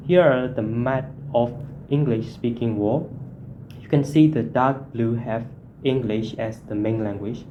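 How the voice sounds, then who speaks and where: A man giving a class presentation, reading slide points in short, halting phrases. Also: medium pitch, background noise. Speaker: student presenter.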